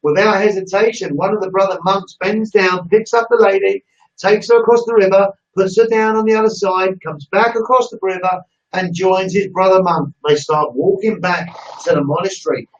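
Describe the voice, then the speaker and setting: A man's voice: high-pitched, fairly even intonation, moderate pace, distant mic, lo-fi sound. A British man hosting an interview, talking effusively and telling a story with gusto. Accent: British English. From United Kingdom. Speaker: interview host. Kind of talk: enthusiastic live-stream sign-off.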